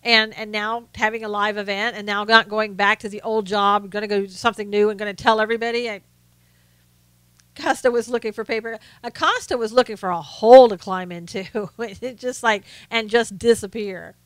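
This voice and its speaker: A woman's voice: medium pitch, steady tone, fairly quick, fairly bright tone, smooth, dry recording. A woman from the South, hosting a casual live stream, chatting to viewers and often laughing. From American South. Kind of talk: casual political chat reading viewer comments.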